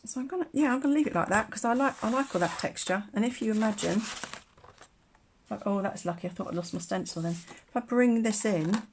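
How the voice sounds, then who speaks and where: A woman's voice: mid-range voice, a little fast, a little mellow, a little hiss or hum. A woman teaching a casual live craft demonstration, chatty and rambling, laughing often. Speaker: craft tutor.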